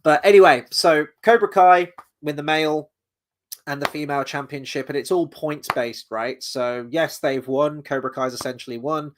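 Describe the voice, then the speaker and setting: A man's voice: on the high side, moderate pace, slight background noise. A British man chatting casually on a live stream as a reviewer, rambling with frequent fillers and casual swearing. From Britain. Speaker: film and TV reviewer.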